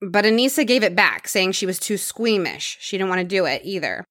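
A woman's voice: mid-range voice, expressive, fairly quick, a bit bright, dry recording, studio quality. A woman hosting a podcast, telling a true crime story in a casual conversational way and dropping her voice for grim details.

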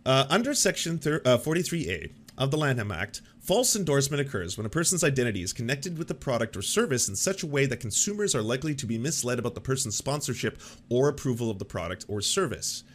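A man's voice: medium pitch, very animated, quick pace, hardly any pauses, slight background noise. Sarcastic man riffing on the news. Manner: sarcastic, profane, laughs often. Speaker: host. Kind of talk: casual commentary.

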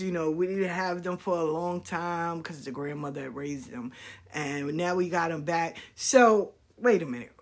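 A woman in her fifties telling stories in a casual, blunt, profane way, acting out the people she quotes. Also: on the low side. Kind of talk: casual storytelling rant.

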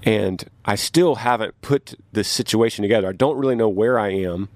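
A man who tours as a musician, telling a story in a casual podcast from his tour bus, getting animated as he recounts his confusion. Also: normal speed, dry recording. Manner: animated, rises in pitch when recounting confusion. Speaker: touring musician. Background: train passing.

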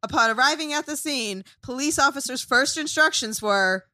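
A woman co-hosts a comedy podcast, reading joke setups between bursts of laughter. Her voice is bright and a touch high, with a lively, swinging pitch. The sound is dry and close. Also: moderate pace, dry recording. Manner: playful, laughing often. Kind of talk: casual comedy banter, reading jokes.

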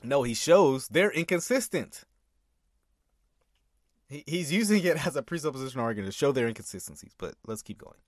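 Animated man rebutting a sermon clip. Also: medium pitch, fairly quick, dry recording, clean studio sound. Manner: animated, laughing, rebutting with emphatic repeats. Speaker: commentator reacting to a sermon clip. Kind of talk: reaction commentary with scripture reading.

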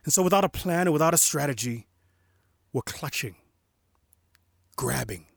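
A young adult man giving a reflective spoken meditation in a slow, measured way, softly emphatic and sometimes dropping to a whisper. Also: on the high side, lively intonation, creaky, dry recording, studio quality. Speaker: inspirational speaker.

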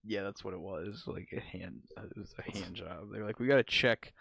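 A man's voice: low voice, fairly even intonation, moderate pace, vocal fry, no echo. A young man co-hosting a podcast, chatting crudely and rambling, full of fillers and laughter. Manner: rambling, giggly, lots of fillers. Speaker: podcast co-host. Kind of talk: crude comedic chat.

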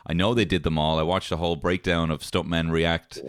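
Deep-voiced man swearing in casual film chat. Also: fairly quick, clean tone, no room sound, clean studio sound. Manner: animated, swears freely, acts out quoted lines. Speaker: podcast co-host reviewing films.

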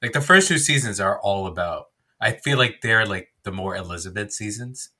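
A man in his thirties chats loosely on a podcast, rambling and self-deprecating as he circles his point. His voice sits a little low but rings very bright and forceful. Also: lively intonation, moderate pace. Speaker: podcast co-host. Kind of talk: casual chat.

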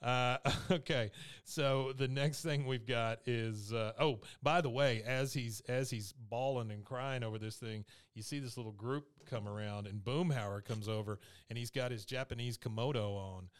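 A man's voice: medium pitch, normal speed, clear, resonant tone. A man, casually recapping a TV episode and acting out the characters' lines, laughing often. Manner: animated storytelling, acting out quotes, laughs often. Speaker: podcast co-host recapping an episode.

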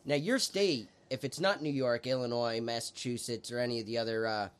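A man's voice: medium pitch, brisk, clear, resonant tone. Matter-of-fact male podcast co-host. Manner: matter-of-fact, lists facts plainly. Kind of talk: casual chat.

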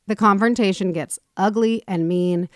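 A woman hosts a casual talk show and retells a story with animated energy, acting out each person she describes. Her voice sits at a middling pitch. The recording is close and dry, with no room echo. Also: moderate pace. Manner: animated retelling, acts out quoted people with swearing. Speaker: podcast host.

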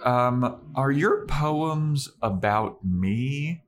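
A man voicing a snobbish, cruel young woman, using a higher, haughty voice and drawn-out put-downs. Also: expressive. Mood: scornful.

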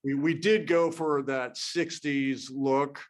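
A male actor giving thoughtful interview answers, pausing and restarting often as he works out his thoughts. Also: on the high side, steady tone. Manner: thoughtful, halting, with many restarts.

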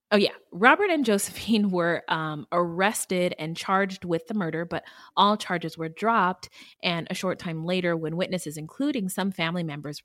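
A woman co-hosting a casual true-crime podcast, talking in an animated way and breaking into song and acted voices. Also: lowish voice, no echo, studio quality. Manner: animated, laughs often, bursts into singing and acted voices. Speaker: podcast co-host.

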